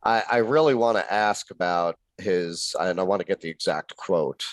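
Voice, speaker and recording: Male podcast co-host with a very low voice, measured and musing, dry close sound. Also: dry recording, rough recording. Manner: measured, musing, repeats his openers. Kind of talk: casual political podcast chat.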